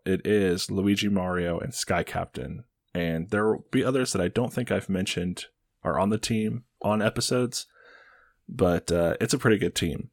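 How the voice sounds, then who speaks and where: A young man with a very deep voice tells a loose, rambling story for a comedy podcast, stacking up filler words as he goes. The sound is dry and close, with no room echo. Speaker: podcast co-host pitching a movie sequel. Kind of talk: casual comedic chat.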